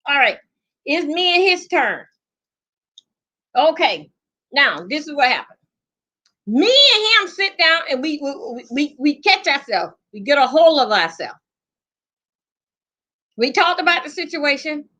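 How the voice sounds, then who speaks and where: A middle-aged woman with a high, bright voice spins a comic story from her own life. She talks loud and salty, leaning hard on repeated phrases for effect.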